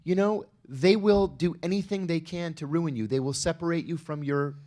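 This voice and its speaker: A man's voice: fairly high pitch, normal speed, darkish tone. A middle-aged man speaking on a conference panel, telling a personal story with wry asides. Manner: storytelling, wry, acts out quoted exchanges.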